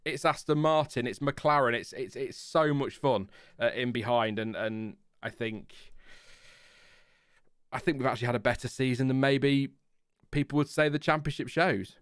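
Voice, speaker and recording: A man's voice: mid-range voice, fairly even intonation, moderate pace, clear, resonant tone, dry recording, studio quality. A man with a Lincolnshire accent hosting a casual live F1 chat stream, rambling and restarting his sentences, chuckling at his own tangents. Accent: Lincolnshire English. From Lincolnshire, England. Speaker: F1 channel host.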